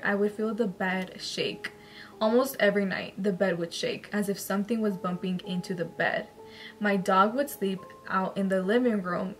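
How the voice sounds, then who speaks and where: Emotional woman reading viewer emails. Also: medium pitch. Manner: emotional, tearful laughter between readings. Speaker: YouTuber reading viewer-sent stories. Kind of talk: reading emails aloud with chatty asides. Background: soft background music.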